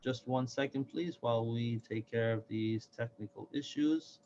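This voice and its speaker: A man's voice: mid-range voice, moderate pace, dark tone. A man teaching a recorded reading lesson, patiently repeating each letter sound for learners. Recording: dull lo-fi recording.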